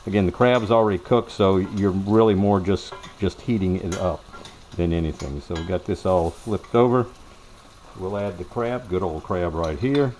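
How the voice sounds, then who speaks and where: A man's voice: low-pitched, moderate pace, a little mellow, slight background noise. A man giving a cooking demonstration in a home kitchen and telling a tale as he goes, in a folksy, rambling way that is full of self-corrections. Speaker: home cook.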